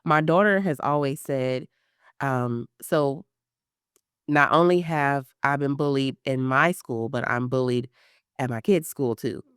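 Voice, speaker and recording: A woman's voice: very deep voice, a little slow, smooth, no echo, clean studio sound. A woman in her thirties, a guest in an interview, telling a personal story with lots of fillers and acted-out quotes. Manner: animated storytelling, acts out quotes, many fillers. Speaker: guest, pre-surgery patient.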